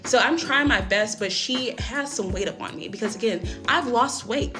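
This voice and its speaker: A woman's voice: fairly high pitch, moderate pace, music in the background. A young woman telling a personal story in a casual storytime monologue, blunt, emphatic and full of swearing. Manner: blunt, heavily profane, emphatic retelling.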